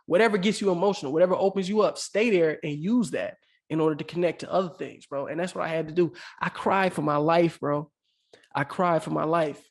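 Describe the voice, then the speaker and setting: A man co-hosting a podcast, talking earnestly and emotionally in casual slang, calling the listener "bro" again and again. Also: fairly high pitch. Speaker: podcast co-host. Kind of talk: heartfelt casual podcast talk.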